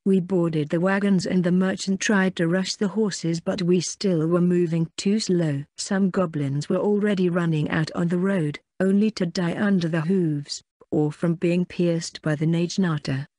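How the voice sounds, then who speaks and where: Monotone synthetic narrator for a fantasy audiobook, level middle pitch, dry close sound. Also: unhurried, few pauses, no room sound. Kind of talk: scripted first-person narration.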